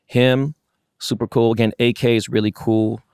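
A man's voice: mid-range voice, moderate pace, clean tone, no room sound, studio quality. A man co-hosting a podcast, telling a story casually with lots of swearing and acted-out quotes. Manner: animated, profane, acts out quotes. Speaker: podcast co-host.

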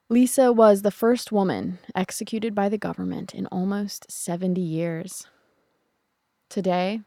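A woman narrating a true crime podcast in a somber, measured way. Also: fairly low pitch, creaky, mellow, no room sound, clean studio sound.

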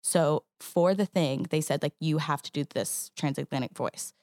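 A woman actress talking as a guest in a casual interview. Her voice sits a little low, and she tells her stories with animated energy and quick restarts. The sound is close and dry, with no room around it. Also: no room sound.

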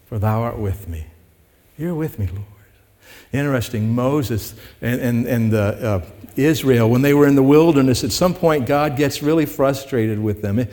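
Speaking at medium pitch with a slightly mellow quality, a man preaches a sermon as pastor to the congregation in a church sanctuary. He's conversational, building at points to emphatic peaks. The sound has a long hall reverb.

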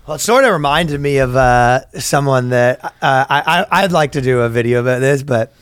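A man's voice: mid-range voice, moderate pace, clear, resonant tone, dry recording, clean studio sound. A man co-hosting a comedy podcast, chatting casually in a rambling, profane, joking way. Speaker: podcast co-host.

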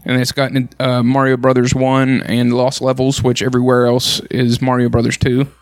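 Male co-host, relaxed and halting, mid pitch, dry close sound. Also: dry recording. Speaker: podcast co-host. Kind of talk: casual chat.

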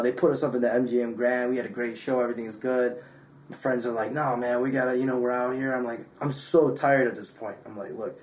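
A slightly drunk man, a DJ, telling a story in an excitable, casual way, swearing often and full of filler words. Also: mid-range voice, echoey room. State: a bit drunk. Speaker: DJ and guest. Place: hotel room.

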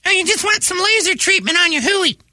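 A woman's voice: very high-pitched, animated, fairly quick, pushed and bright, no echo, studio quality. A woman co-hosting a morning radio show, teasing and wisecracking in casual chat.

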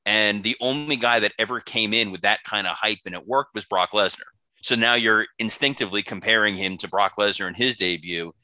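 Podcast cohost guy, lowish voice but super sharp and bright, bone dry sound, argues fast. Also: no room sound. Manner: fast, confident, analytical. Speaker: podcast co-host. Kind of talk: podcast analysis.

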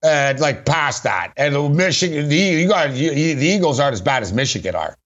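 A man's voice: on the high side, very animated, moderate pace, a bit bright, dull audio. A middle-aged man hosting a sports radio show, talking bluntly and rambling about betting and football. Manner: rambling, blunt, keeps saying "big man". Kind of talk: casual sports betting talk.

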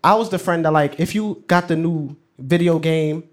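A man's voice: fairly high pitch, moderate pace. Chatty teenage New guy. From New York. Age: teens. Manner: casual, chatty, slangy, laughs along with his own story. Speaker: student storyteller. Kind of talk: live personal storytelling.

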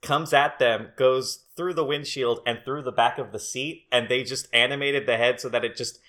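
Male podcast co-host with a bright, forceful voice; loose, rambling film chat. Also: mid-range voice, moderate pace. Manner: animated, swearing, rambling storyteller. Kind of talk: casual chat reviewing a film.

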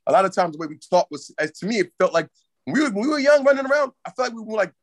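Fast-talking man. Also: high-pitched, very animated, no echo. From Baltimore. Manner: rambling, restarts, talks fast. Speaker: podcast co-host. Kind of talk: casual chat.

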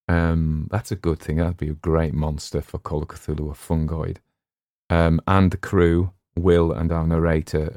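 Cumbrian bloke rambling on, deep gravelly voice, dry close sound. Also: male voice, warm tone, dry recording. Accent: West Cumbrian English. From West Cumbria, England. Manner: chatty, digressive, self-deprecating. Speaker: audiobook narrator and podcast host. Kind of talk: casual rambling chat.

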